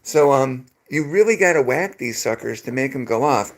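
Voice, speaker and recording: A man's voice: mid-range voice, expressive, moderate pace. A man co-hosting a live paranormal investigation stream, explaining his equipment to viewers in a folksy, easygoing way. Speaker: paranormal investigator livestream host. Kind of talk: casual live-stream chat. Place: indoors, basement with a pool table.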